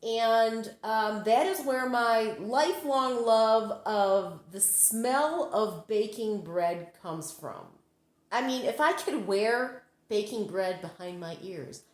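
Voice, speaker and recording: A woman's voice: fairly high pitch, echoey room. A woman telling personal stories in a meandering way, full of fillers and self-corrections, recording on a phone she holds. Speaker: psychic medium vlogger. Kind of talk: rambling personal storytelling. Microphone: holding her phone.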